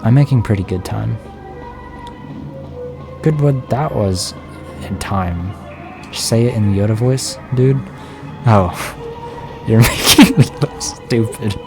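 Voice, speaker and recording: Late at night, a tired man streams a horror game and keeps his voice down, rambling and poking fun at himself as he talks to chat. His voice is on the low side and a little slow, with music playing behind him.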